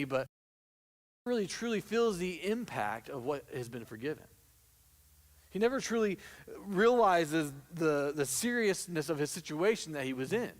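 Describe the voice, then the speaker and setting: A pastor giving a conversational sermon, acting out little quotes as he goes. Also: fairly high pitch. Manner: conversational preaching with acted-out quotes. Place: church sanctuary.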